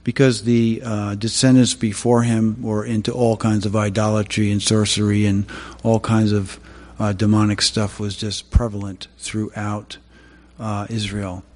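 A man's voice: on the low side, little pitch movement, a little mellow. Man preaching in a reverberant hall. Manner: halting, many fillers and restarts. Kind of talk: sermon.

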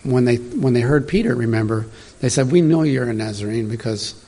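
A middle-aged man delivers a loose, conversational sermon to a room of churchgoers, drifting into tangents and chuckling at himself. His voice is husky and sits at an ordinary, middle pitch. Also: animated, fairly quick, warm tone. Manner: chatty, digressive, laughs at own asides. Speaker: preacher. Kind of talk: informal sermon.

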